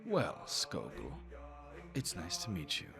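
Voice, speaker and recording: A poised young elf woman, a ranger with silver hair, who speaks graciously and with care, as a man voices her. Her pitch is raised a little and lifts at the ends of her questions. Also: huge pitch swings, slow pace, creaky, over music, exaggerated voice.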